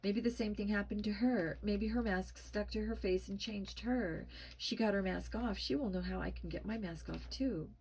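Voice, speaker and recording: A woman voicing a boy changed into an old man, with a shaky, croaking voice and a panicked, pleading way of talking. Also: medium pitch, moderate pace, hardly any pauses, a little mellow, a little hiss or hum, lightly acted. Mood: urgent.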